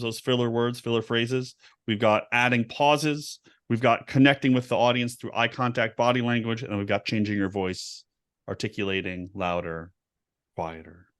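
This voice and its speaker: A man's voice: medium pitch, a bit bright. A man hosting a podcast interview, summing up points and asking questions with hesitant restarts. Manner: summarizing, frequent backchannels, hesitant restarts. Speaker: podcast host. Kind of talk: conversational interview.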